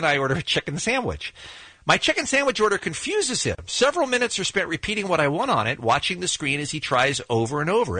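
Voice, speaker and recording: Lively, bright-voiced radio host man. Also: on the high side, slightly rough, dry recording. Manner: animated storyteller, laughs while reading. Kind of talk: morning radio chat, reading out a story. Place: radio studio.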